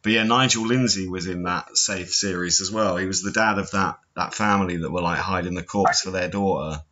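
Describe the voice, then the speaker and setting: Bright-voiced man hosting a chat. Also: sits low, steady tone, fairly quick, highs cut off. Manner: chatty, storytelling with silly impressions. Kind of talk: casual chat.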